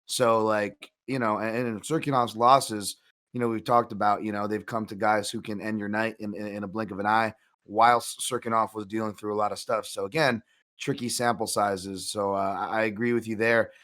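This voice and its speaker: A man's voice: on the low side, level tone, moderate pace, fairly bright tone. Rambling man breaking down fights. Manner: rambling, many restarts and asides. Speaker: co-host, MMA analyst. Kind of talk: casual betting analysis chat.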